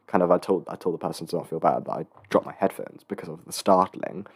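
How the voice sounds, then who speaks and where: Rambling teen podcaster, low voice. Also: male voice, fast talker, few pauses, breathy edge, dry recording, clean studio sound. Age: late teens. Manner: rambling, swearing, animated storytelling. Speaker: podcast host. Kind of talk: casual solo podcast chat. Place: student accommodation room.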